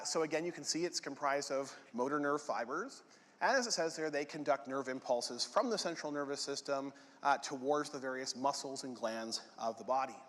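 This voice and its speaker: Male lecturer, slightly higher voice, casual with joking asides, recorded with a long hall reverb. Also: a bit bright. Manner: casual, joking asides, frequent "right?" checks. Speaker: university lecturer.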